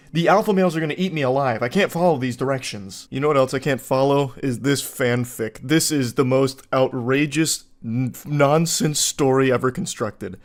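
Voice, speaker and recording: Forum posts get read aloud and riffed on by the mid-range-voiced man hosting this comedic commentary video. He sounds sarcastic and incredulous and uses many filler words.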